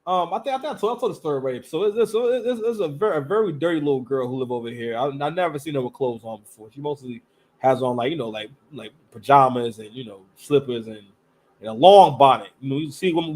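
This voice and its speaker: Male streamer, high-pitched, casual rambling storyteller. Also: animated, fast talker, darkish tone. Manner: loose, rambling, full of restarts and slang. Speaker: live stream host.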